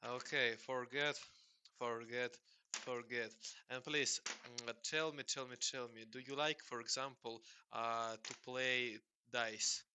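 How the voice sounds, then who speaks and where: A man chatting casually with hesitant, halting speech full of fillers and repeats. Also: mid-range voice, steady tone, bright, forceful tone, a little hiss or hum. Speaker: host questioning a chatbot. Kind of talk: casual chat.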